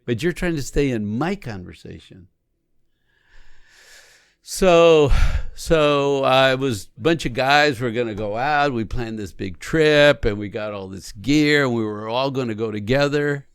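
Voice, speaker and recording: A man co-hosting a podcast, talking casually and coaching through examples in an animated way. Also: medium pitch, unhurried, clear, resonant tone, dry recording, studio quality. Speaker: podcast co-host. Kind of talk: casual conversation on marriage.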